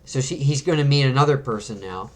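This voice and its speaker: A man's voice: mid-range voice, quick pace, a little hiss or hum. A man hosting a comic book video, reading a comic aloud and chatting casually with fillers and little chuckles.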